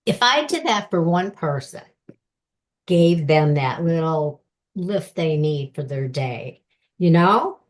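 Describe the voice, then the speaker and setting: A woman's voice: low-pitched, lively intonation, takes it slowly. A woman guest author telling personal stories in a chatty way and laughing often during an interview. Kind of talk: casual interview chat.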